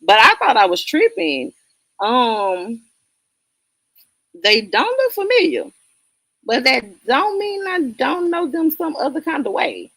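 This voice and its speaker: A blunt woman with a Southern accent talks straight to her chatters on a casual livestream, her voice gravelly and full of swinging pitch. She laughs often between points. The sound is dry and close, with no room around it. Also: big pitch swings, measured pace, a bit bright, no room sound. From Southern United States. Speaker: livestream host reading chat.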